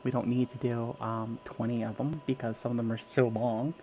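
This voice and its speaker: A man's voice: medium pitch, level tone, normal speed, dark tone, highs cut off, a little hiss or hum. A male streamer chatting casually and rambling, with many fillers. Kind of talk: casual live-stream chat.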